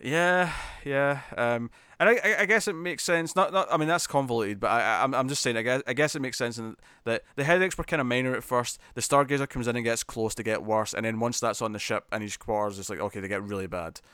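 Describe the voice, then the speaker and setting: A man's voice: mid-range voice, quick pace, few pauses, pushed and bright, smooth, dry recording, studio quality. A man chatting casually as a podcast co-host, laughing and acting out characters' lines as he recaps an episode.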